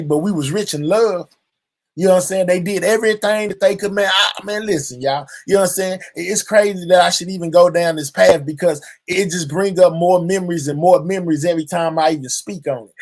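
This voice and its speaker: A male vlogger with a higher-pitched voice rambles earnestly through a heartfelt monologue to viewers on his channel, constantly reaching for filler phrases. He drawls, speaks openly and reflectively, and tucks "you know what I'm saying" into nearly every line.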